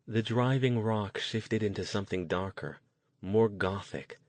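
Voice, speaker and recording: A man narrating a novel in a measured, even storytelling manner. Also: fairly low pitch, dry recording. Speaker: audiobook narrator. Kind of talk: scripted narration.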